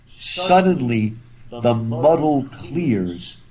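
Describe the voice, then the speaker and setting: A man lecturing to a live class while wearing a face mask, chatty and animated, often repeating words as he thinks aloud. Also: mid-range voice, very slow, a crowd in the background, low-quality recording. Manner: talking through a face mask. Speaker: professor. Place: university classroom with students. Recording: classroom with students audible.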